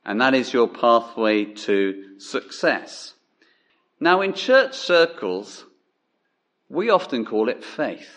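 A man preaching a sermon at an unhurried pace, his voice at a middle pitch. He speaks in a measured, emphatic way and lets key words sink low. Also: big pitch swings, fairly bright tone.

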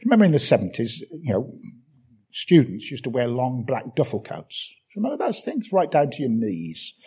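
A man's voice: fairly high pitch, warm tone, breathy edge. An older man from England with a Birmingham accent, preaching a sermon with emphatic repetition and self-deprecating asides.

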